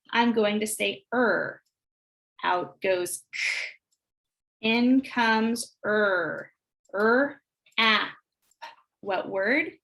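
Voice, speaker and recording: An American woman demonstrating early literacy exercises, sounding out words slowly and deliberately. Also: mid-range voice, creaky, fairly bright tone. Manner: slow, deliberate sounding out of phonemes. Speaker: teacher trainer. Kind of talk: instructional screencast demonstration.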